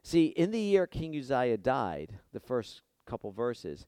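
A man preaching a sermon, impassioned, dropping soft and then rising loud and high when he voices prayers. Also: sing-song, measured pace, hardly any pauses, clean tone, no room sound, clean studio sound.

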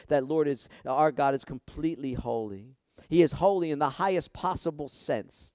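A man preaching a sermon, impassioned, dropping soft and then rising loud and high when he voices prayers. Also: moderate pace, no echo, studio quality.

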